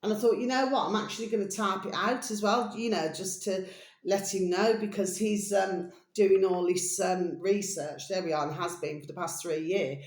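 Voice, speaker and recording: Medium in pitch and even in intonation, this woman from England talks at a normal speed as the host of her own channel. She rambles casually and chattily, wandering from point to point and addressing her audience as "my delicious babies," all captured in an echoey room in her home.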